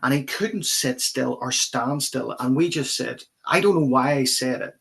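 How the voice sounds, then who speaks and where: Earnest pastor telling a story. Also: male voice, mid-range voice, normal speed, gravelly, fairly bright tone. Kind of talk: telling a personal story as an interview guest.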